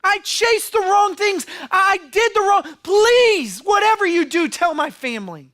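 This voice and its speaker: A tormented rich man cries out from hell, begging over and over that someone warn his family, as a preacher puts him on. The voice sits high for a man. The pleading is urgent and desperate. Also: lively intonation, a little slow, fairly bright tone, full character voice. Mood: desperate shouting.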